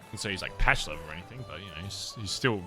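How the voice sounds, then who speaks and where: An Englishman streaming a roleplay game chats casually with viewers, rambling, poking fun at himself, and laughing at his own remarks. His voice is low with lively intonation, he talks fast, and music plays in the background.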